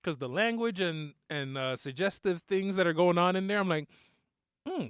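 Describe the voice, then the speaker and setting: Slangy, joking man with a higher voice. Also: normal speed, smooth, no echo, studio quality. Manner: loose, joking, slangy banter. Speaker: podcast co-host. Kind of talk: casual chat.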